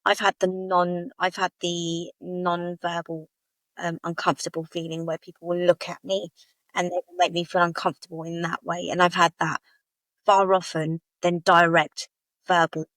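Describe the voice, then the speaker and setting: A woman, a podcast guest, recounting a personal experience in a halting, emotional way, often repeating her phrases. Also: level tone, a bit bright, dry recording, low-quality recording. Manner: halting, repeats phrases, rises in pitch when retelling upsetting moments.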